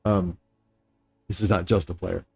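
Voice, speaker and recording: Low-voiced man streaming a game. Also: little pitch movement, a little slow, vocal fry, a little mellow, breathy edge, dry recording. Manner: thinking aloud, musing and self-critical; talks to chat viewers in passing. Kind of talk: casual live-stream commentary while building.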